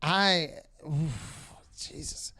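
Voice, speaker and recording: A man's voice: on the high side, animated, very slow, pushed and bright, husky. A man co-hosting a podcast in casual chat, teasing and laughing often. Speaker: podcast co-host.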